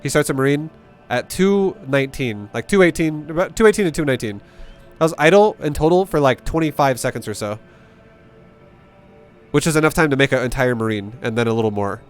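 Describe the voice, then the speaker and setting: A man's voice: mid-range voice, lively intonation, fairly quick, soft background music. A man coaching a player through a replay in casual, blunt commentary, cursing freely and hammering his points home by repeating them. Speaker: StarCraft coach.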